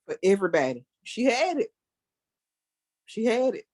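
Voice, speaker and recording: A woman in casual chat who is chatty and quick to chime in. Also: on the high side, big pitch swings, a little mellow, no room sound, clean studio sound.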